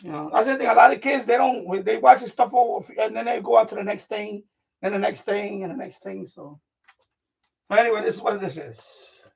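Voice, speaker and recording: A middle-aged man hosts a live stream while tidying his home studio, moving around and getting out of breath. His high-sitting voice is brisk, gravelly, and husky, and his rambling chat is full of fillers and restarts. The distant, dull lo-fi mic captures him.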